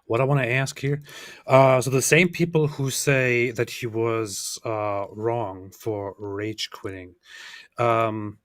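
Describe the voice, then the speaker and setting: A man's voice: medium pitch, fairly even intonation, slow pace, fairly bright tone, dry recording. A man co-hosting a casual reaction chat, thinking aloud and posing hypothetical questions. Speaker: co-host.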